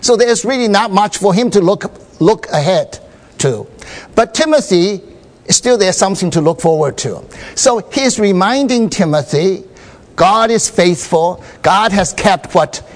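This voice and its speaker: A man with a high speaking voice gives an informal Bible sharing at a church meeting. He talks haltingly, with many fillers and restarts. He keeps stopping to ask whether his listeners understand. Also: animated.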